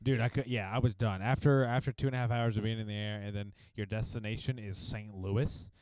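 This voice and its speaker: A young man from Missouri co-hosting a comedy podcast, telling travel stories in a casual, animated way with mocking impressions. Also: on the low side, brisk, clear, resonant tone, no echo.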